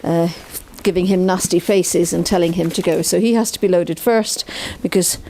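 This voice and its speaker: A woman's voice: fairly low pitch, steady tone, moderate pace, dark tone, a little hiss or hum. A woman who trains horses, talking through a session outdoors beside a trailer and coaxing the animal along with upbeat praise. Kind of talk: explaining training while working.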